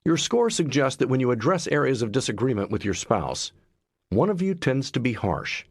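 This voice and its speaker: A man reading a self-help book aloud as scripted narration, in a lively, expressive way. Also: medium pitch, normal speed, slightly rough, no echo, studio quality. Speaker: audiobook narrator.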